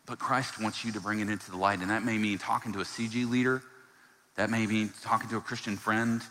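Male pastor, low voice, earnest sermon delivery that swings from hushed to emphatic, church hall reverb. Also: steady tone, a little fast.

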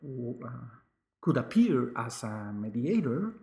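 A man's voice: medium pitch, very animated, warm tone. A man, a guest talking casually in an interview and stopping often to search for words. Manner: halting, searching for words with many fillers. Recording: roomy echo.

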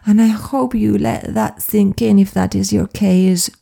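Heavily gravelly, mellow-voiced woman coach. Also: medium pitch, fairly even intonation, measured pace. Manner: soft-spoken, earnest and confiding. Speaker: flow coach. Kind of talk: personal reflective monologue.

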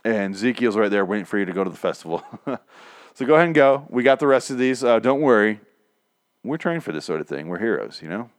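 A man's voice: on the low side, expressive, fast talker, natural voice. A man putting on a pompous cheery horseman. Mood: smug. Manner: self-important, mock-heroic. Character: pompous cheery male road-guard horseman. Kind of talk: comic impression in a recap.

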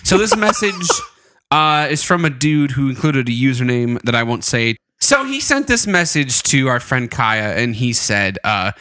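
A man co-hosting a comedy podcast, chatting casually and playfully. His voice is bright and very lively, with a wide pitch range, and he talks in a loose, easygoing way. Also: measured pace, no echo, clean studio sound. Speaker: podcast co-host.

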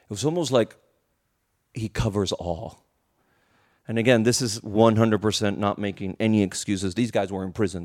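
Male preacher, slightly low pitch, emotional storyteller who trips over his words. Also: vocal fry. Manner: animated, emotional storytelling with many restarts. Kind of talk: storytelling sermon.

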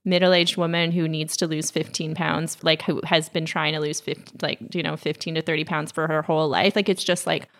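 A woman's voice: sits low, brisk, hardly any pauses. A woman hosting a podcast, telling stories casually and acting out the people she quotes. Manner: animated storytelling, acts out quotes.

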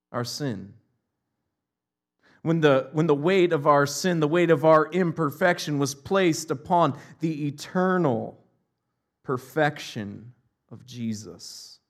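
A male pastor preaching a sermon, swinging between loud impassioned cries and hushed, almost whispered lines. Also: medium pitch.

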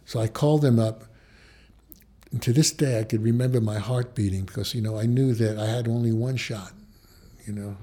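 An older man from the Bronx, a photographer, telling a personal anecdote with halting restarts and acted-out quoted voices. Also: medium pitch, fairly even intonation, warm tone, slightly rough. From New York, Bronx.

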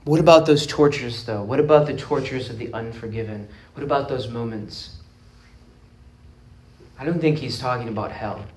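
A man preaching a sermon, retelling a parable in an earnest, emphatic way with dramatic pauses. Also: medium pitch, darkish tone. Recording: roomy echoing space.

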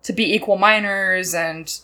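A woman co-hosting a podcast, recapping a film in casual chat and acting out lines in quick voices. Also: mid-range voice, fairly even intonation, sharp tone. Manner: chatty, laughs often, acts out quotes in voices.

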